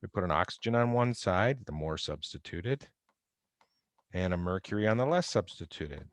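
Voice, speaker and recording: Guy teaching chem over a video call, kinda low voice, wry and casual, dry close sound. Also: expressive, normal speed, dry recording. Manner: informal, wry, talks to students directly. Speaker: chemistry instructor. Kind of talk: recorded lecture going over an exam. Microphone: close computer mic on a video call recording.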